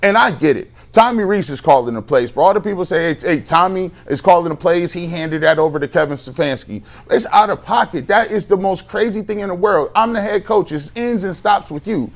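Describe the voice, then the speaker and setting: On a sports talk show, a man vents with heated exasperation, loaded with slang, his voice slightly higher than most men's. He's animated and fired up, pushing his point hard at a fairly quick clip with few pauses and some vocal fry.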